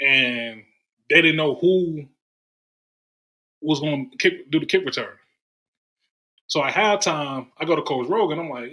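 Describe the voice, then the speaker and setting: Bright-voiced man telling sports stories. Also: on the high side, unhurried, pauses often, low-quality recording. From Durham, North Carolina. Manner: animated storyteller, acts out quoted voices. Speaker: podcast guest. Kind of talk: casual storytelling chat.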